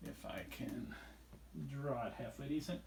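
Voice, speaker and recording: A man giving a relaxed recorded biology lesson, talking in a loose, unscripted way and pausing to sketch as he goes. His voice sits at an ordinary middle pitch. The room around him is noticeably echoey. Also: a little hiss or hum. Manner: casual, rambling, drawing while explaining. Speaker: biology teacher.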